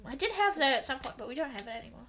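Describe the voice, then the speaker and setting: A woman's voice: high voice, lively intonation, very fast, vocal fry, a bit bright, a little hiss or hum. A woman hosting a casual vlog, chatting in a giggly, rambling, playful way. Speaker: vlog host. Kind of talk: casual chat.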